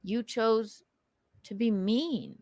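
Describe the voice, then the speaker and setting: A woman's voice: fairly high pitch, extremely slow, darkish tone, no room sound. Woman host, transatlantic accent, enunciated and goofy, close and dry sound. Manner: crisp enunciation, goofy, theatrical outbursts. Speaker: show host. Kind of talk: casual rant reacting to online comments.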